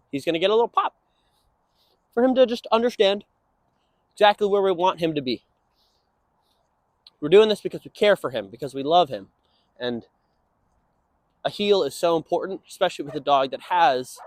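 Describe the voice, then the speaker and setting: A young man training a dog, explaining casually and breaking into high sing-song praise for it. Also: no room sound. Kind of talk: instructional walk-and-talk.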